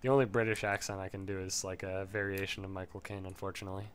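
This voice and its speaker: A man's voice: deep voice, little pitch movement, fast talker, slight background noise. A man giving casual, rambling gameplay commentary while leveling a character, swearing freely and laughing often.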